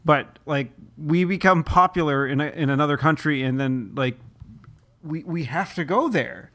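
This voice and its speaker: A man's voice: fairly high pitch, normal speed, pushed and bright. A man co-hosting a podcast in casual chat, rambling and hesitant, often trailing off and laughing. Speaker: podcast co-host.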